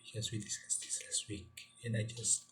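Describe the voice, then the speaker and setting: A male teacher giving a classroom lecture, halting and repeating words as he quizzes his students. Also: fairly low pitch, fairly even intonation, noisy background.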